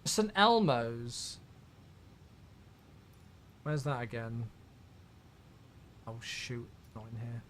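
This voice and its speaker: A man's voice: mid-range voice, very animated, very slow, pauses often, a bit bright, a little hiss or hum. A man chatting casually on a flight sim live stream, rambling as he answers viewer questions.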